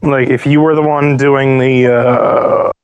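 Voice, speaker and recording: A man's voice: medium pitch, level tone, slow, clean tone, no echo, dull audio. A man in a casual voice chat, laid-back, dry and sarcastic, swearing casually.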